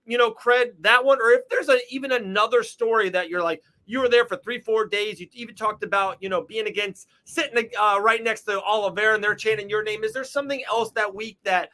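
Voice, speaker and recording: A man's voice: high voice, brisk, few pauses, pushed and bright. A man from Florida hosting a podcast, asking long rambling, enthusiastic questions. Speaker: podcast host. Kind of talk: casual interview.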